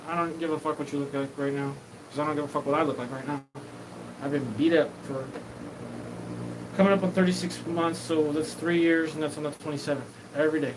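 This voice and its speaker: A man hosting his own show, talking in a rambling, disjointed, profane live monologue. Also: on the high side. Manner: disjointed, profane, jumps between topics. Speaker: show host. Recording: noisy background.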